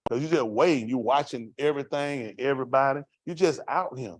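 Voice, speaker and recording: A man's voice: mid-range voice, fairly quick, few pauses, no echo. A man giving a raw, vernacular testimony to a congregation, asking the room rhetorical questions as he tells his story. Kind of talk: street-life testimony to a congregation.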